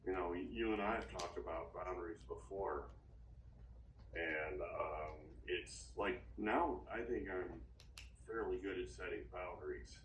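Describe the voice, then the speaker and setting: A man talking in a therapy session, halting and rambling with frequent restarts, recorded from a distance in an echoey room. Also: low voice, a little hiss or hum. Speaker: therapy client. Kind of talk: casual session talk. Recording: echoey room, distant mic, faint ambience.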